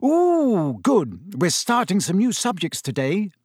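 A man voicing a clever, bossy teenage schoolgirl in an audiobook, talking briskly and impatiently. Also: on the high side, very animated, dry recording, clean studio sound.

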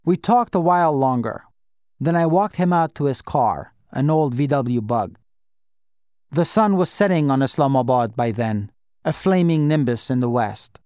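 A man narrating an audiobook in the first person, with calm, measured reading. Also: medium pitch, clean tone, no room sound, studio quality. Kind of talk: scripted narration.

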